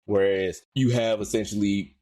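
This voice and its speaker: A man co-hosting a podcast, ranting in slangy casual talk, his voice climbing high when worked up. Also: fairly even intonation, moderate pace, dark tone. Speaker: podcast co-host.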